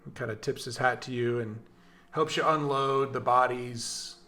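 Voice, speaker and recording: A man as game master, narrating a tabletop game in a descriptive, unhurried storytelling way. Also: medium pitch, fairly even intonation, pushed and bright.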